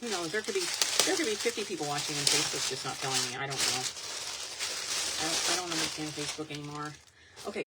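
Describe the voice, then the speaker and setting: A woman selling vintage goods online, chatting casually and rambling as she shows items on a live stream. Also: deep voice. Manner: chatty, rambling, thinks aloud. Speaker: online vintage seller showing products. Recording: loud background noise, crinkling packaging.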